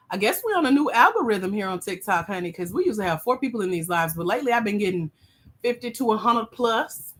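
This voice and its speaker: A woman with a Southern US accent hosting a livestream, teasing and hyping up her viewers in playful, animated chat. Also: mid-range voice. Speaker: livestream host and grant mentor.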